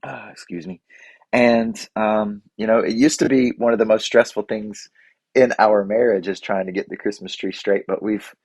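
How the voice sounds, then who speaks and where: A man shares stories in a rambling, folksy, self-deprecating way. His voice sits a bit low, and the recording is dry and close, with no room sound. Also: fairly even intonation, normal speed, darkish tone, husky, no echo. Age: 40s. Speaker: podcast host. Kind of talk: casual reflective monologue.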